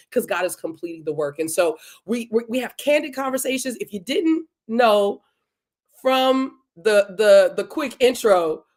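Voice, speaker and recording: A woman hosting a live podcast, greeting viewers one by one and talking to them in an effusive, repetitive way. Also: a little high. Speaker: podcast host. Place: home in Delaware.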